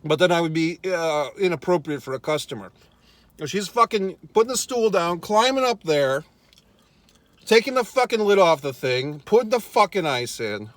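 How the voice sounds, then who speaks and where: A man's voice: on the high side, expressive, moderate pace, fairly bright tone, dry recording. A man telling a comic rant in a parked car, exasperated, swearing constantly and laughing at himself. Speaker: vlogger. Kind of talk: profane comedic storytelling rant.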